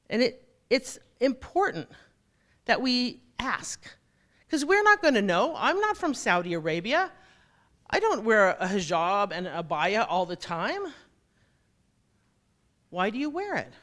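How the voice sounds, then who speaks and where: A woman giving a motivational keynote talk. She speaks straight to the audience, with a jokey, animated delivery. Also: a little high, a little slow, long pauses.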